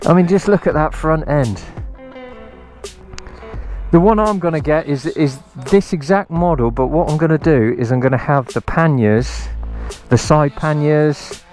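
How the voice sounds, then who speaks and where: A man's voice: on the high side, measured pace, darkish tone, faint music behind. A man giving a casual, enthusiastic motorbike review outdoors on a hilltop, rambling with many ums. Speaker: motorcycle vlogger.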